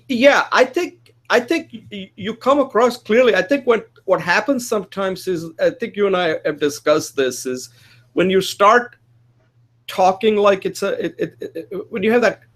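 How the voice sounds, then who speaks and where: A man hosting a casual chat, speaking quickly with an Indian accent and sometimes slurring words. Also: high voice, lively intonation, fairly bright tone. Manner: fast, gesturing, slightly slurred at speed. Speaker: host.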